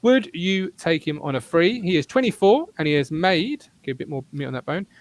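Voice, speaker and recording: Jokey, fast-talking male podcast host. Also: a little high, dry recording. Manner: animated, jokey, teasing co-hosts. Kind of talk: casual fan podcast chat.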